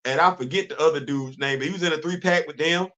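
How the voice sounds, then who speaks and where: Middle-aged male host, high-pitched, lively and repetitive delivery, casual livestream talk. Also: fast. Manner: animated, repeats himself, self-questioning asides. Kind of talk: casual solo livestream chat. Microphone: livestream studio setup.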